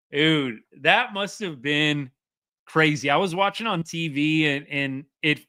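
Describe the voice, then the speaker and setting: A man, hosting a casual live sports chat as an excitable, rambling fan. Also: a little high, clear, resonant tone. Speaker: sports podcast host.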